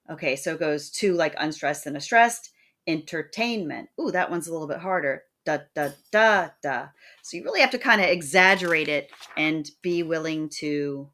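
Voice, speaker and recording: A woman's voice: on the low side, a bit bright. A woman teacher giving a recorded lecture over slides, chatty, chanting syllables aloud to show rhythm. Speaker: literature teacher.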